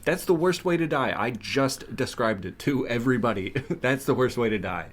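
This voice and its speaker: A man's voice: mid-range voice, lively intonation, moderate pace. A man co-hosting a podcast in casual chat, wry and jokey, musing aloud. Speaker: podcast co-host.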